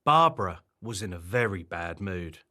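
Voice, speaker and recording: A man reading a children's bedtime story aloud, in an animated and expressive way. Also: sits low, moderate pace.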